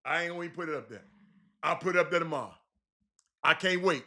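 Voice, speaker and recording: Fast and fairly high-pitched, this man hosts a livestream full of loose basketball talk. He replies to his chat with animated teasing, and some of his phrases come up again and again.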